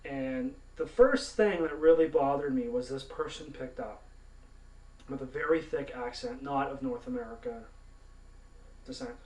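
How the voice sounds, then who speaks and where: A Canadian man rants to camera about gaming, mouthy, indignant and free with curse words. His voice sits at a middling pitch. It is recorded in a roomy space with the mic some distance off. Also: very animated, a little slow, darkish tone. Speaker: gaming vlogger. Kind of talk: ranting monologue to camera.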